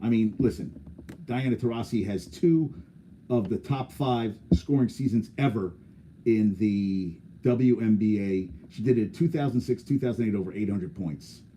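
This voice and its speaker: Dark-voiced man hosting sports talk. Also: on the low side, normal speed, a little hiss or hum. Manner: blunt, opinionated and rambling. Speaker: sports podcast host.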